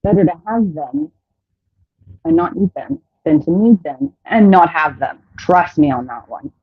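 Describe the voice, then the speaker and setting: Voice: medium pitch, animated, a little slow, slightly rough. A show host telling a candid story in a casual chat, often laughing mid-sentence and restarting phrases. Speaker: host of a sex advice show. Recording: dull, muffled audio.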